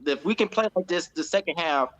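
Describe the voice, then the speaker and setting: Animated American man talking football. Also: on the high side, fairly quick. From United States. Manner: animated, laughs often, acts out quotes in a raised voice. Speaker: fan show pundit. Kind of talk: casual post-match chat.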